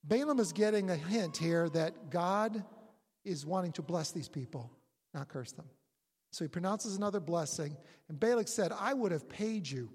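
Delivered at normal speed, this sermon unfolds as an animated retelling in which the preacher voices characters and quotes them, pitch jumping around. The husky, breathy voice rings with long reverb, suggesting a big church hall.

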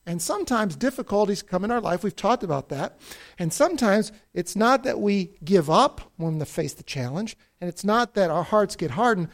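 Highly animated Bible storyteller. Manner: expressive storyteller with big swings between loud and hushed. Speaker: Bible teacher.

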